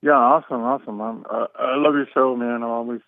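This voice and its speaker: A man's voice: medium pitch, steady tone, fast, dry recording. A man from Houston, Texas, calling into a talk show, casual and annoyed, often asking "you know what I mean". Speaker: caller. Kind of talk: phone call-in chat. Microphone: phone. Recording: tinny phone line, dry.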